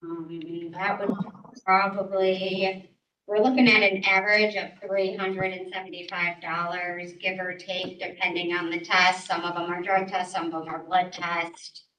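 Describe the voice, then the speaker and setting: Woman from the sheriff's office asking for money, bright voice, lots of ums, echoey room with faint hiss. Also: lowish voice, level tone, a little slow. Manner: hesitant, many ums. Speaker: sheriff's department staff presenting a request. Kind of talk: public meeting presentation. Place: council meeting room. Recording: echoey room, distant mic, faint noise.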